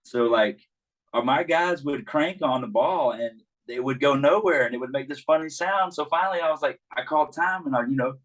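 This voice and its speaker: A man's voice: a little high, a little fast, fairly bright tone, poor audio. Man, baseball coach, casual chat, easygoing storyteller, plenty of fillers.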